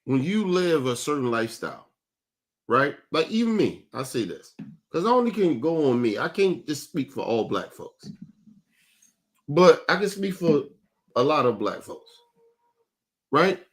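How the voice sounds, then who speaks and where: Guy ranting on his stream, blunt and cussing, voice jumps all over, kinda high. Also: measured pace, pauses often. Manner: blunt, profane, animated, keeps asking "right?". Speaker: show host. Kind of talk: casual commentary.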